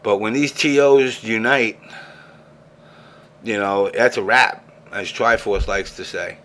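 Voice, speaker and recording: A man's voice: on the low side, slow pace, a bit bright, a little hiss or hum. A man hosting a casual gaming podcast, ranting emphatically and swearing freely. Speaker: show host.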